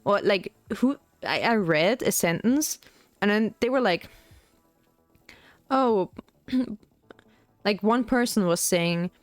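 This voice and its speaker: A woman's voice: medium pitch, expressive, slow pace, dry recording, soft background music. A young woman streaming as a VTuber, chatting in a rambling, casual way while she paints miniatures, full of "like" fillers.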